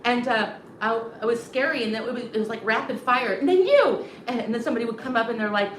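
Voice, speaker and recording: A fairly high-voiced woman chatting while she cooks, animated and quick to act out what others said. Her voice sits back from the mic in a roomy kitchen, with steady household noise behind her. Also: distant mic. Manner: animated, acts out quotes, many fillers. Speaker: host. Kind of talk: casual storytelling while cooking.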